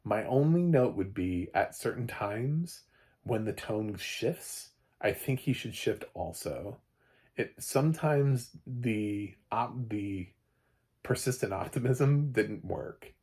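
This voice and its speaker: A man giving a casual, rambling spoken film review, often restarting and jumping up in pitch when animated. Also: slow pace, breathy edge.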